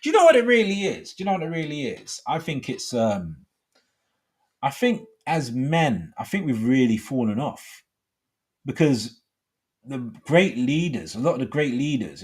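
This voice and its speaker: A man's voice: mid-range voice, breathy edge. A middle-aged man hosting a live call-in show, talking in a rambling way full of fillers.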